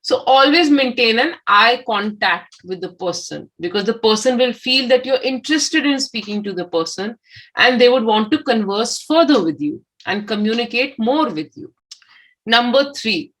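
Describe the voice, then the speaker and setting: A woman with an Indian English accent, a communication skills trainer giving a lively motivational lecture and asking her audience questions. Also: a little high, poor audio. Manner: expressive, acts out example replies, asks the audience questions.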